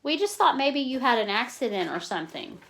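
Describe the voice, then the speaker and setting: A woman reading the lines of a kind farm father who speaks in a slow, calming voice. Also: on the high side.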